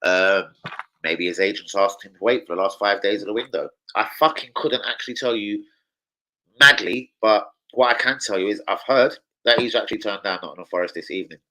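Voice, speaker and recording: A young man ranting casually to camera as a football fan vlogger, sweary, slangy and excitable. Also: fairly low pitch, brisk.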